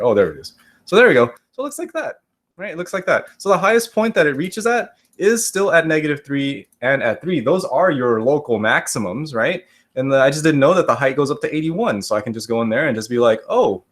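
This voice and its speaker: A male math teacher works through a problem out loud at a relaxed, easygoing pace. He keeps checking in with his listeners and jokes along the way. His voice sits at an ordinary middle pitch. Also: quick pace. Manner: casual and joking, often checks with "right?" and "okay?". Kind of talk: recorded classroom lecture.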